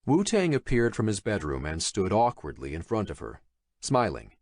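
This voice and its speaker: A male narrator reading a thriller audiobook in a measured, expressive storytelling manner. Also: on the low side, no echo. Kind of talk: scripted horror thriller narration.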